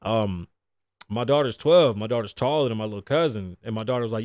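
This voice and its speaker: A man's voice: lowish voice, brisk, a little mellow, no echo, studio quality. A man in his thirties hosting a casual solo talk show, cursing freely, joking, laughing often and dropping in Spanish phrases. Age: 30s. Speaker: podcast host.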